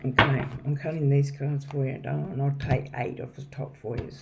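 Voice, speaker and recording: A man's voice: mid-range voice, little pitch movement, brisk, vocal fry. A man giving a casual tarot reading at home, chatty and rambling, calling the viewer darling. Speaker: tarot reader. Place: home, with a noisy neighbour drilling nearby. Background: faint drilling and household noise.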